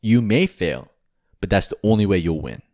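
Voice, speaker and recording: A man's voice: deep voice, big pitch swings, normal speed, mellow, dry recording. A man co-hosting a podcast, giving rambling, frank advice with casual swearing and jokes. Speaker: podcast co-host.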